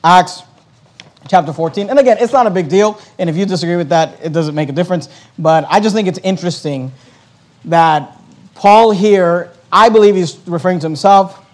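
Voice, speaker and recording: A man's voice: sits high, moderate pace. A man preaching a conversational Bible-teaching sermon, explaining verses with plenty of fillers and restarts.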